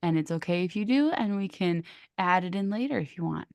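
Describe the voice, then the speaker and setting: A woman's voice: on the low side, animated, a little fast, a little mellow, no echo. A woman hosting a podcast interview, speaking in an effusive, encouraging way. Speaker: podcast host. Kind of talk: casual interview chat.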